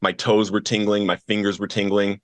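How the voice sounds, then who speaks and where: A man's voice: fairly low pitch, level tone, normal speed, no echo. Earnest man telling his testimony. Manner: earnest storytelling, acts out quoted voices. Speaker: podcast guest. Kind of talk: personal testimony.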